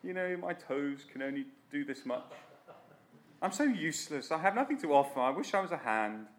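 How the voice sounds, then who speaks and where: A man's voice: on the high side, animated, a little fast, slight background noise, lightly acted. A man voicing a talking foot that feels useless and sorry for itself in a sermon illustration. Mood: mopey. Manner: mopey, whiny.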